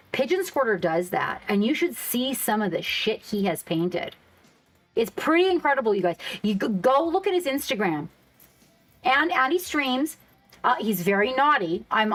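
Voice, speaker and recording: Chatty, cussing woman streamer. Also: a little high. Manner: chatty, swears freely, reads chat aloud. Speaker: live stream host. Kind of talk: casual live stream chat.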